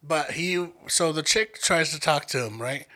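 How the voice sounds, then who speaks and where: A young man telling stories in casual, profane chat, acting out the people he quotes with lively voices. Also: fairly high pitch, measured pace. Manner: animated, profane, acts out quotes in many voices. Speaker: podcast co-host telling stories.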